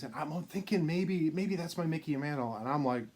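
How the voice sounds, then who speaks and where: A man's voice: a little high, lively intonation, normal speed, darkish tone. Man telling a rambling personal story. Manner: rambling, anecdotal, many fillers and restarts. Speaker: vintage card collector and channel host. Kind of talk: casual storytelling to camera.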